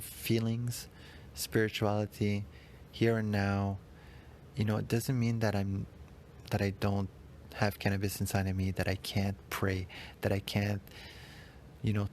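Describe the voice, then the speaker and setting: A man's voice: lowish voice, flat delivery, measured pace, a little mellow, a little hiss or hum. A man hosting a podcast, reflecting aloud in a rambling, heartfelt way and often addressing himself. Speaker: podcast host. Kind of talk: emotional spoken reflection.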